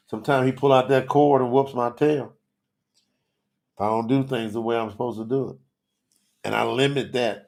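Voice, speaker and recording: A man's voice: medium pitch, vocal fry, a little mellow. A man teaching scripture on a livestream, talking straight to the viewers in the chat, emotional and close to tears.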